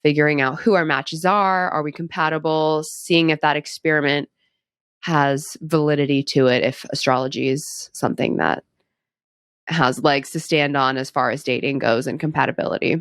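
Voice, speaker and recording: A woman's voice: low voice, fairly even intonation, normal speed, smooth, no echo, studio quality. A young adult woman talking in a casual interview as a guest. She is chatty and upbeat, with lots of "like" and "um". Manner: chatty, upbeat, heavy use of "like" and "um". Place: cosmetic surgery clinic.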